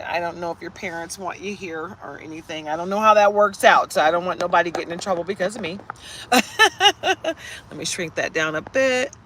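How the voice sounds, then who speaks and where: A woman from Detroit hosting a casual live stream, animated and chatty, greeting viewers by name and laughing often, recorded at home on a phone or webcam. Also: medium pitch, slight background noise. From Detroit, USA. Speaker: live-stream host giving a reading.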